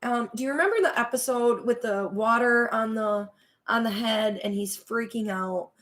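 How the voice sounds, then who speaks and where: A woman's voice: fairly high pitch, normal speed, fairly bright tone. A woman co-hosting a podcast in casual recap chat. She is chatty and rants with mock exasperation. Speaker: podcast co-host.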